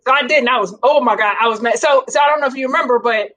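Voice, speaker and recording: A woman's voice: fairly high pitch, very fast, a bit bright. A woman guest in a casual interview, speaking candidly and self-mockingly, laughing often.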